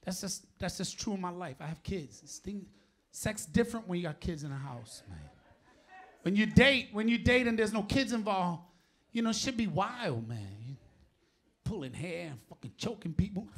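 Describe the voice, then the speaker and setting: A middle-aged man with a New York accent doing a profane stand-up set on a live stage, often shouting his punchlines and laughing through the bits. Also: sits high, sing-song, normal speed, husky. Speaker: stand-up comedian. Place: live comedy stage before an audience.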